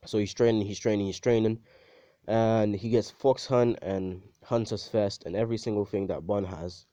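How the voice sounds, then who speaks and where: A man's voice: on the low side, fairly even intonation, normal speed, warm tone. A young man casually improvising a fan fiction story, rambling and slangy, often correcting himself.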